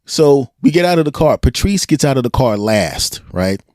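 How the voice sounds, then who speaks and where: An American man hosts a casual podcast chat, spinning stories with lots of energy and acting out every quoted voice. His pitch sits in an ordinary middle range, and the recording is dry and close with no room sound. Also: normal speed, dry recording. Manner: animated storyteller, acts out quotes, laughs often. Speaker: podcast host.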